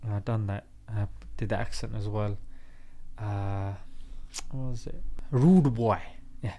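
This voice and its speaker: A man's voice: lowish voice, level tone, measured pace, mellow. A man hosting a faith-based video channel, delivering a chatty, slangy, joking rant as commentary. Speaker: Islamic video host. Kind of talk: comic ranting commentary.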